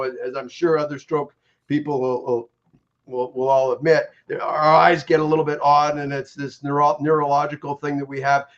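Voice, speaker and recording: A man's voice: fairly high pitch, vocal fry. A middle-aged man giving an emphatic personal testimony as an interviewee, with many restarts and repeated words. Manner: energetic, repetitive restarts, emphatic. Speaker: interviewee, stroke survivor. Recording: dull lo-fi recording.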